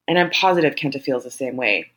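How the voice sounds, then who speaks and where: A woman voicing a steady, caring man who speaks quietly and gently in a read-aloud story. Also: extremely low pitch, fast talker.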